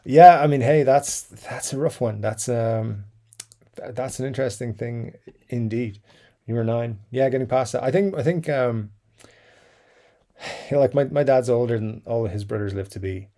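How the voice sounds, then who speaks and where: A man's voice: medium pitch, normal speed, warm tone. A man hosting a casual livestream, reading viewer comments aloud and rambling between them with lots of fillers and chuckles. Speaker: livestream host reading chat. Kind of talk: casual live-stream chat.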